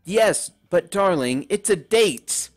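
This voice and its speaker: A man's voice: sits high, lively intonation, takes it slowly, faint music behind, heavily acted. A man voicing a posh, dramatic female pony in a game, with an affected, refined, theatrical delivery. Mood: haughty. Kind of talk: reading game dialogue aloud.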